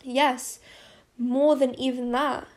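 Woman reading as a soft-spoken caring father. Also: high-pitched, level tone, slow pace. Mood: sad, gentle. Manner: soft, quiet and tender. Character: gentle, caring middle-aged father. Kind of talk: audiobook character voice.

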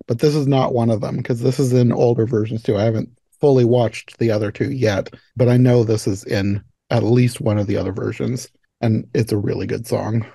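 Mellow-voiced man in casual chat. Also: medium pitch, creaky, dry recording. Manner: relaxed, laughs often, many fillers. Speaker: podcast host.

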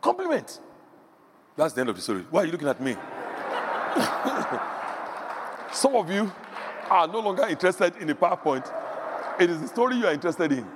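A man's voice: sits high, very animated, normal speed, pauses often. A middle-aged man preaching a sermon, telling stories with animation and acting out the voices he quotes. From Nigeria. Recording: echoey hall, faint background hum.

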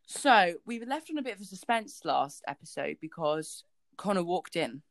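A woman's voice: on the low side, very animated, normal speed, no echo. A woman co-hosting a book podcast, chatting casually and rambling with lots of fillers. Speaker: podcast co-host.

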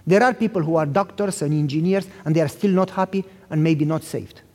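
A man voicing his stern older father, who speaks quietly and gravely, in a reverberant hall. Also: a little high, a little fast, voice pushed down, close to an everyday voice. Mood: gravely calm.

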